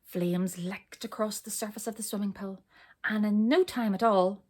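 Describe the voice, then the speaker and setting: A woman with a medium-pitched voice reads a children's storybook aloud with lots of expression, pausing to put questions to her listeners.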